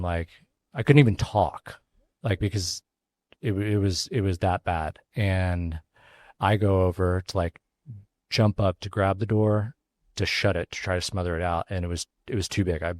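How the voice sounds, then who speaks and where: Deep-voiced man telling a story. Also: fairly even intonation, a little mellow, dry recording. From Texas. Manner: casual, halting, many fillers and restarts. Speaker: pitmaster and restaurant owner, guest. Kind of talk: storytelling in a podcast interview.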